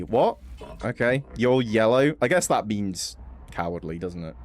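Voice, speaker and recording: A man's voice: a little slow, soft background music. A young man chatting casually and swearing freely while streaming a game. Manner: chatty, swears casually, animated jumps in pitch. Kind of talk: casual gaming stream chat.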